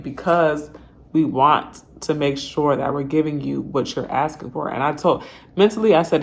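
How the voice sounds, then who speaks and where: A woman's voice: low voice, normal speed, vocal fry. A woman giving a casual tarot reading straight to her viewers, chatty and full of slang. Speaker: tarot reader.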